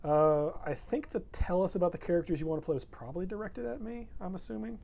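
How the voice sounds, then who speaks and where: A man's voice: high-pitched, fast, gravelly, warm tone. A young man in a casual, rambling stream chat, self-deprecating and laid-back, plugging the show between stories. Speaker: show regular.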